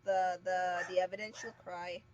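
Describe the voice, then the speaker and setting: A woman's voice: on the low side, little pitch movement, normal speed, muffled recording, a crowd in the background. A young woman streaming a game, chatting casually and rambling with lots of filler words. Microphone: streaming mic. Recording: very loud static hiss, poor stream mic. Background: dog.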